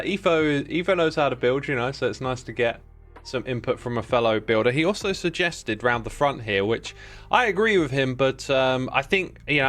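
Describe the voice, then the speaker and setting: A man's voice: mid-range voice, fairly bright tone. A man in his thirties chatting casually on a game livestream, easygoing and rambling, reading out viewer names and messages. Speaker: livestreaming gamer.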